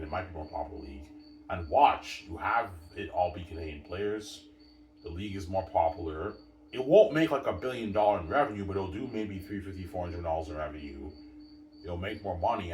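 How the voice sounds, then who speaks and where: In a casual sports talk, a very deep-voiced male commentator rambles, repeats himself, keeps saying "obviously," and addresses his viewers. He sits somewhat back from the mic in an echoey room with a faint ambient hum.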